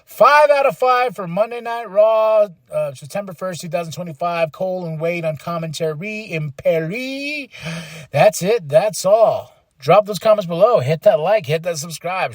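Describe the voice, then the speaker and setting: Excitable man recapping with dry close sound. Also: high-pitched, moderate pace, no room sound. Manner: animated, acting out quotes, bursts of shouting. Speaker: podcast host reviewing wrestling.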